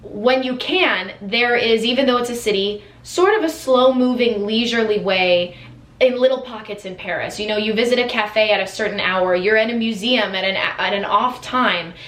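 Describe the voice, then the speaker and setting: Her voice is a little high and fairly bright, moving at a moderate pace: an American woman vlogger chatting casually and enthusiastically to camera. She leans on lots of fillers and restarts, and the recording echoes.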